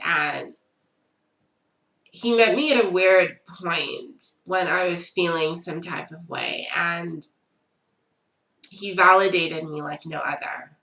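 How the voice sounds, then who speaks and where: A young woman chats through a storytime vlog, her voice pitched a little low with a gravelly fry and a sharp, bright edge. She speaks slowly and loosely, peppering her sentences with "like". The room around her rings with a noticeable echo. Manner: chatty, frequent "like" fillers. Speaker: vlogger. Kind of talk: storytime vlog, casual chat. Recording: roomy echo.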